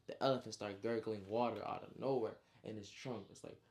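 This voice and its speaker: A man casually recapping his own story, slangy and animated, with frequent asides. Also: on the low side, moderate pace, hardly any pauses.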